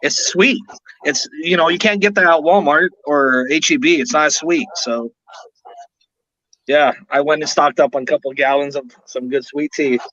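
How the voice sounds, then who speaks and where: A man in his thirties hosting a relaxed chat show, his voice bright and a bit high. He tells stories with playful, exaggerated outrage. The sound is dry and slightly dull, like a budget recording. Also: normal speed, dry recording. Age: 30s. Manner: animated storyteller, exaggerated outrage. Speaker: podcast host. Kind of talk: casual chat.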